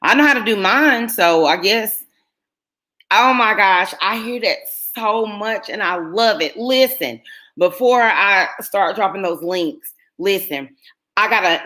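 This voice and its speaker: A middle-aged woman with a medium-pitched, fairly bright voice hosts a YouTube live stream. She chats casually with viewers and tells rambling stories packed with fillers.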